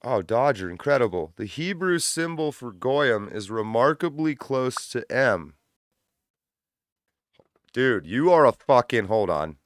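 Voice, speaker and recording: A man hosting a livestream in loose, profane, casual chat, breaking into loud laughs. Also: medium pitch, very animated, a little slow, dry recording, clean studio sound. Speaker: livestream host.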